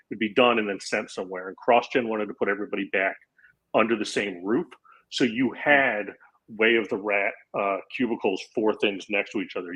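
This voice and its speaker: Husky-voiced man telling a rambling story. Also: lowish voice, fairly bright tone, low-quality recording. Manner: rambling storyteller with many fillers. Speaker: podcast guest. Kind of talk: casual chat.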